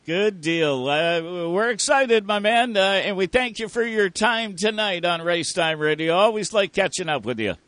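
A man's voice: high-pitched, animated, unhurried, hardly any pauses, fairly bright tone, no room sound. A man hosting a motorsport radio show, chatty and upbeat as he interviews guests.

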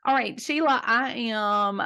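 A woman in her fifties with a Southern US accent, hosting a casual advice show and answering listener questions in an emphatic, chatty way with easy laughter. Her voice is a little hoarse today. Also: fairly high pitch, slow, bright, forceful tone. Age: 50s.

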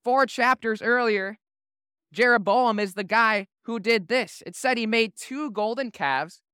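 Bright-voiced pastor preaching, man. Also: high voice, a little slow, clean tone, no room sound, clean studio sound. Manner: casual, humorous storytelling. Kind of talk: sermon.

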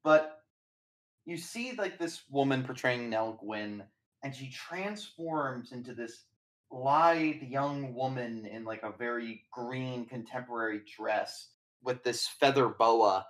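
A man runs a tabletop horror game and narrates scenes loosely, full of fillers. His manner is casual and relaxed. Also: mid-range voice, slow. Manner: chatty, rambling, with casual fillers and swearing. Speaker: game master.

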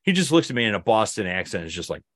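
A man's voice: lowish voice, big pitch swings, rapid-fire, a bit bright, no echo. A young man co-hosting a podcast in casual chat, telling rambling stories and acting out his friends' lines. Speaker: podcast co-host.

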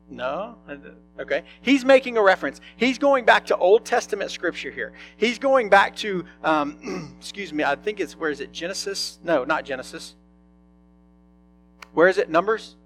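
A male pastor preaches a sermon in a voice that sits high with a fairly bright tone. His style is conversational, and he puts questions to the congregation.

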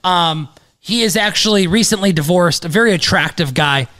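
A man in his thirties hosting a casual podcast, talking in a rambling, excitable way with lots of "um"s and casual swearing. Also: sits high, moderate pace. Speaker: podcast host, sports bettor.

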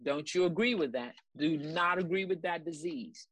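Speaking at a normal pace in a low, fairly bright voice with a breathy edge, this ministry co-host preaches emphatically and repetitively, bursting into praise and urging listeners forward. There is no echo on the recording.

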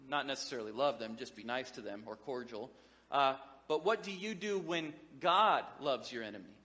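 High-voiced joking male pastor. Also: a bit bright, long reverb tail. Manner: conversational and joking, with many restarts. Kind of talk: sermon.

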